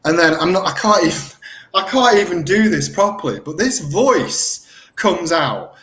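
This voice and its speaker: A middle-aged man telling a story as a guest in an interview, excitable and animated, often restarting his sentences. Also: high voice, moderate pace, soft background music. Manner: animated, excitable retelling with lots of self-corrections. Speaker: guest researcher.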